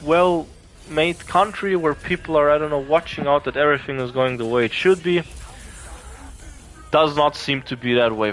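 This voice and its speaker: A young man with a slightly high voice, swearing freely as he rambles through a heated rant. His talk is casual and profane, with faint game music playing underneath. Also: fairly bright tone. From Germany. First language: German. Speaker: gaming video creator. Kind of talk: casual rant over gameplay.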